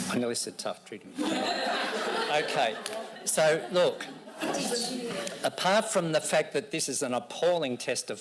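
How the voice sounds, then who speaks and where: A man giving a lecture on reading to a live audience in a lecture room, teasing and animated as he talks. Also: medium pitch. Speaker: education speaker.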